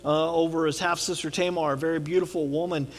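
A man's voice: on the high side, steady tone, fast. A man giving a conversational sermon on a Bible passage in an earnest way, often checking in with his listeners. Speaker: pastor.

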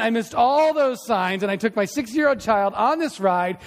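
Middle-aged pastor guy, pretty high voice, chatty sermon with jokes on himself, big church echo. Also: animated, moderate pace. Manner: conversational storytelling preacher, self-deprecating humor. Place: church sanctuary.

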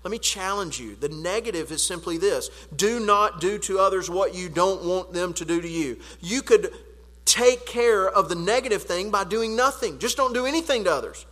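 A man preaching a sermon as pastor, earnest, rising to emphatic peaks and dropping quiet again. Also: sits high, animated, moderate pace, in a large hall, poor audio.

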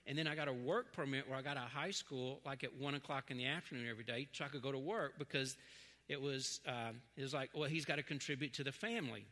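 A man's voice: medium pitch, fast talker. A middle-aged man preaching a sermon, telling stories and acting out the voices in them. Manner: animated storytelling, acts out dialogue. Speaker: pastor. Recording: long hall reverb.

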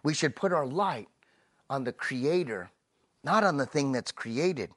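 This sermon comes from a male pastor whose intonation is lively and delivery emphatic. He lingers on key phrases and ends his thoughts by dropping soft and low.

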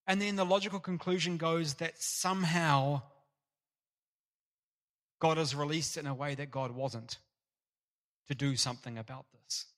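A man preaching an earnest, animated sermon in a church. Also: a little high, measured pace, pauses often. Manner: earnest, animated, acts out parable voices.

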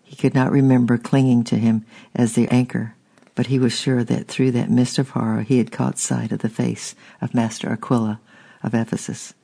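A man's voice: medium pitch, level tone, normal speed, gravelly, warm tone. A man narrating a storybook steadily and unhurriedly, with small restarts. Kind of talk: audiobook narration.

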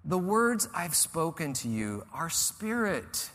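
Bright, animated male pastor preaching. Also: on the high side, slow. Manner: animated, conversational, acts out the people he preaches about. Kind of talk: sermon. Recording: reverberant church hall.

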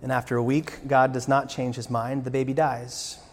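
A man's voice: mid-range voice, little pitch movement, moderate pace. A man preaching a sermon as pastor. He speaks earnestly, asks the congregation rhetorical questions and rises to emphatic bursts. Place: church sanctuary. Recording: long church-hall reverb.

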